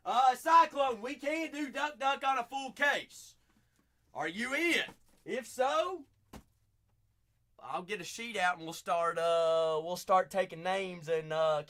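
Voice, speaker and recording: A man's voice: sits high, animated, measured pace, bright, forceful tone. A chatty man with a Southern accent hosting a live card-break stream, talking to viewers by name.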